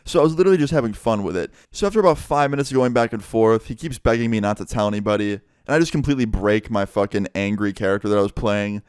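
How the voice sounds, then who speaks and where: Smooth-voiced young man telling a storytime. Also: lowish voice, quick pace, hardly any pauses, no echo, studio quality. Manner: casual, profane, animated storytelling. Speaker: vlogger. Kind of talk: casual storytime.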